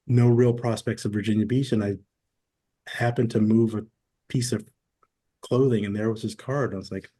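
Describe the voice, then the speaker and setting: A man in his forties, a podcast guest, telling stories in a relaxed, casual way and acting out quoted dialogue. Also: lowish voice, normal speed, long pauses. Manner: relaxed storyteller who acts out quoted dialogue. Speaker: podcast guest, former military. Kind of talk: casual interview storytelling.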